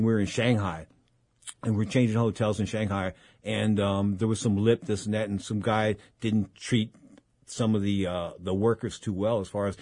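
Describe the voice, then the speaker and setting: A man's voice: mid-range voice, dry recording, studio quality. An older man hosting a boxing talk radio show, rambling through stories and repeating his catchphrases. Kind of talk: casual talk radio monologue.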